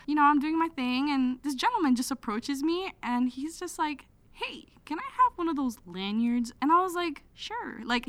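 A woman's voice: on the high side, clean tone, no room sound. A young woman, a college student, chatting casually on a podcast and animatedly acting out the people in her story. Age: young adult. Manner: animated storyteller, acts out quoted dialogue. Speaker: student guest.

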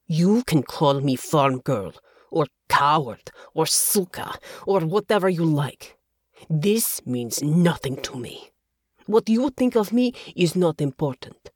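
A woman voicing a fierce, proud young woman soldier in an audiobook, speaking in a low, cold growl with slow, clipped words. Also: expressive, slightly rough, dry recording, clean studio sound, full character voice. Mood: furious. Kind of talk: audiobook character voice.

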